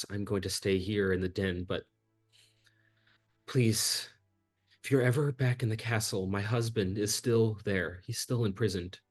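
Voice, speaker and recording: A man playing a weary, grieving woman. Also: fairly low pitch.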